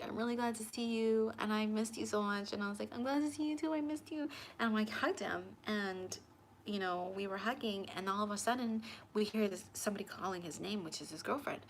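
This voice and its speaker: A young woman talks straight to camera, telling a personal story in a loose, chatty way. She acts out the back-and-forth of conversations. Her voice sits at a middle pitch over a faint background hiss. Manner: animated, acts out both sides of conversations. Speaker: tarot channel host.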